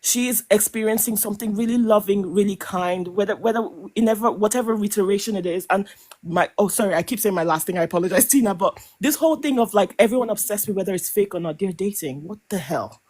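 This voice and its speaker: Woman panel guest, impassioned live commentary, halting restarts, emotional edge, mid pitch. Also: darkish tone. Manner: emphatic, halting with many restarts and stammered repeats. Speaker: panel guest on a reality show podcast.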